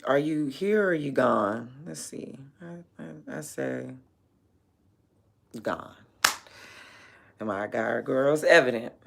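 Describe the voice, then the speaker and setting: A woman's voice: rumbling low, slow pace, gravelly, pauses often, very noisy. A woman livestreaming while she works, chatting bluntly and profanely with viewers and laughing often. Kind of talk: casual livestream chat.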